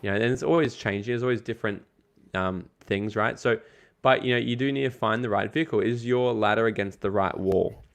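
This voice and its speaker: A man's voice: fairly low pitch, brisk, vocal fry. A man speaking as a guest in an interview, giving emphatic, casual motivational advice and swearing now and then. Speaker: guest, network marketing coach.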